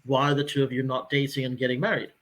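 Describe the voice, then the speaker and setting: A man in his forties on a casual podcast, telling a personal story with lively acted-out dialogue. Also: mid-range voice, fast. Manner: animated storyteller who acts out quoted dialogue.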